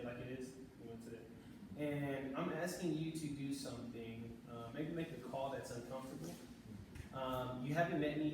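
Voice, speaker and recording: A man leading a leadership workshop, energetic and coaxing, asking the room questions, recorded from far off in an echoey room. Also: medium pitch, noisy background. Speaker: leadership trainer. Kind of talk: live workshop facilitation.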